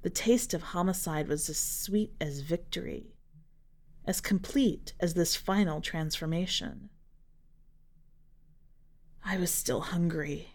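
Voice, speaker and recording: A woman narrating a dark short story for a fiction podcast in a measured, dramatic reading style. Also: on the low side. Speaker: podcast editor and reader.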